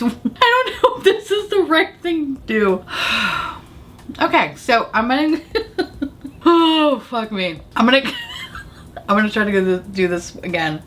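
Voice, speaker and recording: A woman chatting through a casual makeup try-on, swearing freely and laughing often, her voice a bit rough from allergies. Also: high voice, a bit bright, slight background noise. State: allergies affecting the voice. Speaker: beauty vlogger.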